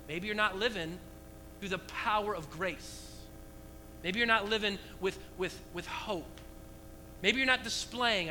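A man preaching a lively sermon to his church, asking the congregation rhetorical questions. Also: sits high, noisy background. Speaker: pastor.

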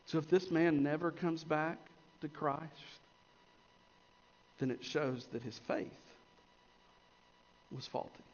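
A man preaching a sermon as pastor, swinging between emphatic rises and quiet, intense drops. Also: fairly high pitch, slow pace, long pauses. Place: church sanctuary. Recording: long church reverb, dull lo-fi sound.

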